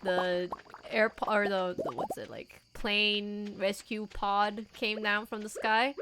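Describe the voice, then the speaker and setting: A woman's voice: mid-range voice, steady tone, slow, background noise. A young woman co-hosting a game stream, chatting casually and playfully retelling funny moments, often giggling. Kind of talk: casual chat. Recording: music playing underneath.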